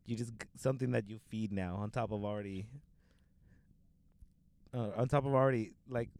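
A man's voice: lowish voice, moderate pace, a little mellow. A young man in casual podcast chat, slangy and profane, filling his talk with "like" and "dude".

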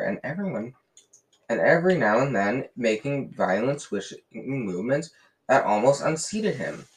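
A man reading a novel aloud in a lively way, often slipping and restarting words. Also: medium pitch, poor audio. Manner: lively, with frequent slips and restarts. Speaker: reader.

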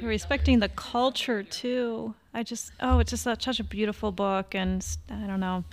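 A woman's voice: a little high, fairly even intonation, moderate pace, creaky. A woman co-host chatting casually with sympathetic remarks. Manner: warm, sympathetic interjections. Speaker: podcast co-host. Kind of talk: casual chat.

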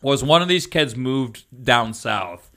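A man's voice: mid-range voice, slow pace. A man co-hosting a podcast, telling a story in casual chat with laughter and mimicry. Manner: laughing, animated storyteller who mimics voices. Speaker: podcast co-host and former teacher.

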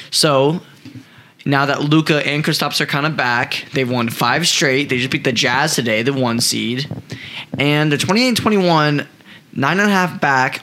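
A man's voice: mid-range voice, sharp tone. A young man hosting a casual sports podcast, enthusiastic and hyping up players he likes. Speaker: podcast host.

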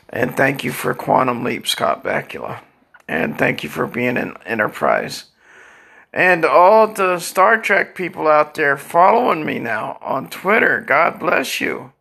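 Older guy rambling on, crude jokes and shout-outs, gravelly bright voice, dry cough. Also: a little high. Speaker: social media vlogger. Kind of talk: rambling casual monologue.

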